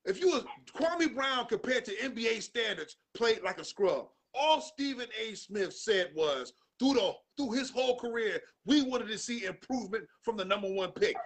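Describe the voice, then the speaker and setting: High, bright man on a loud sports rant. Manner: loud, profane, ranting with slang; animated, breaks into shouts. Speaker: podcast host.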